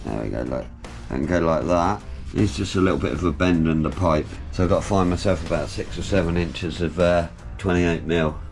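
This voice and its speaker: Man, very low voice, workshop commentary, chatty and jokey, soft music behind. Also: a little fast, vocal fry. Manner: chatty, jokey, explains while working. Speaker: car builder vlogger. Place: home workshop.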